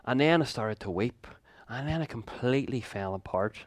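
A man in his fifties preaching a sermon, telling a personal story in an earnest way with quick laughs and asides. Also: medium pitch, expressive, dry recording.

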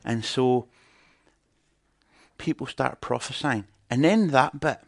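A man's voice: mid-range voice, slow pace, gravelly, dry recording, clean studio sound. A man preaching in a conversational teaching style, chatting and putting questions to his audience.

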